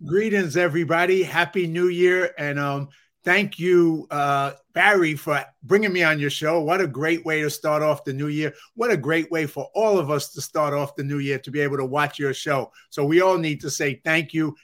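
Male interview guest, thick Bronx accent, higher-pitched, sincere motivational tone. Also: normal speed, a bit bright. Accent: Bronx New York. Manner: earnest and upbeat, with frequent "uh" and "you know". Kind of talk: conversational interview.

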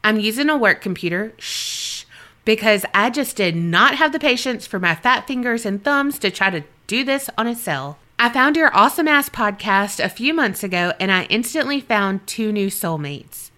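A woman's voice: on the high side, animated, normal speed, hardly any pauses, bright, forceful tone. A woman co-hosting a podcast, chatting candidly and reading out listener stories, swearing freely and laughing often. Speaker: podcast co-host.

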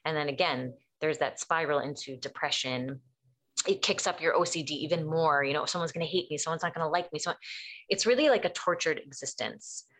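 A woman with a low voice talks through mental health topics in a relaxed, conversational way. She tells anecdotes and jumps into quoted dialogue with lively shifts. She sounds like a therapist sharing her experience. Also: a little fast. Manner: animated storyteller acting out quotes. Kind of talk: casual explanatory chat.

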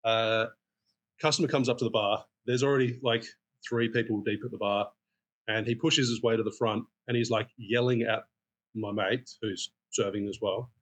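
A man telling stories as a podcast guest, animated and acting out quoted dialogue. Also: on the low side, normal speed. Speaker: guest bartender. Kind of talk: casual storytelling.

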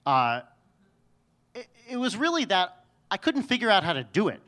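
A man's voice: sits high, huge pitch swings, moderate pace, a bit bright. A man telling a personal story on stage in a wry, self-mocking way, often restarting his sentences.

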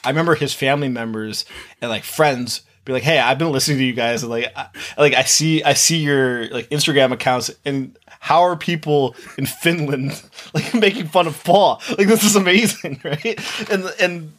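A man co-hosting a horror podcast in loose, profane chat. His voice sits a little high for a man, and he laughs often and gets animated as he tells a story. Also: normal speed. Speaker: podcast co-host. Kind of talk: casual chat.

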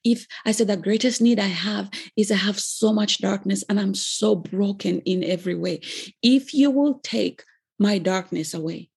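Woman in her 40s telling her faith testimony, gravelly and kinda husky, earnest, pauses a lot. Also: mid-range voice, a little mellow. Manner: earnest, emotional storytelling with pauses and restarts.

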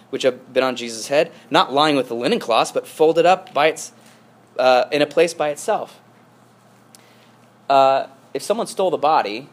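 Man preaching a conversational sermon. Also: mid-range voice. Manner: conversational storytelling with asides. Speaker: pastor.

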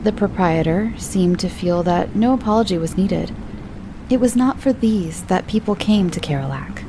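A woman narrating a short story in a measured, even storybook reading. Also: lowish voice, background noise.

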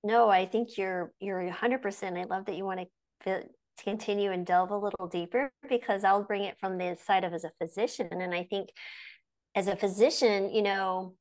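A woman's voice: medium pitch, fairly even intonation, normal speed. A woman in her forties, a physician hosting an interview, talking earnestly and telling stories in a conversational way. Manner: earnest, storytelling with quoted voices. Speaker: physician and podcast host.

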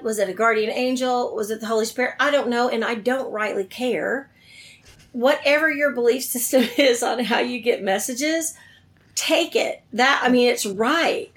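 A middle-aged woman telling a personal story in conversation, animated and acting out the voices she quotes, laughing between lines. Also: fairly high pitch. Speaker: guest telling her life story.

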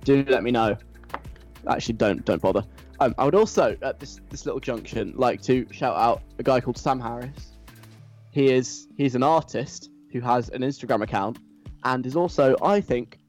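A man hosting a casual radio show, rambling and self-deprecating, sometimes mimicking loud chanting. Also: medium pitch. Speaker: radio host.

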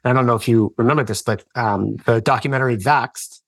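A man in his thirties recounting a turning point in his life as a podcast guest. He talks earnestly and rambles, stopping and restarting his sentences with lots of fillers. His voice sits at an ordinary pitch and is recorded close and dry, with no room echo. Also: fast. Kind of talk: personal storytelling in casual chat.

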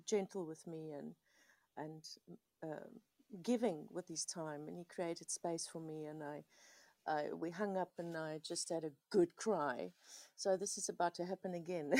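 A woman on the verge of tears speaks in halting, apologetic bursts about being a mother. Her voice is low and soft-toned, and the sound is dry and close. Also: no echo. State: tearful. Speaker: participant sharing in an audio room. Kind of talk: emotional personal sharing.

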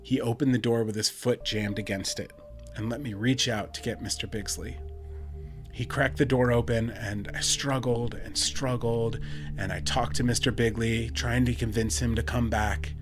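A man, a podcast host, narrating a first-person horror story in a measured, dramatic and wry way. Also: medium pitch, steady tone, music in the background.

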